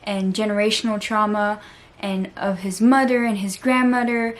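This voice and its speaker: A woman's voice: medium pitch, steady tone, moderate pace. A woman book vlogger in casual vlog chat, gushing and earnest, with lots of "like" fillers. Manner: chatty, gushing, peppered with "like"; earnest and openly emotional.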